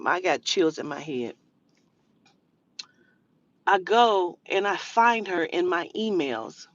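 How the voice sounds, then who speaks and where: A woman's voice: medium pitch, no room sound, muffled recording. A woman telling a heated storytime rant to camera, profane and indignant, mimicking the person who harassed her. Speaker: spiritual reader.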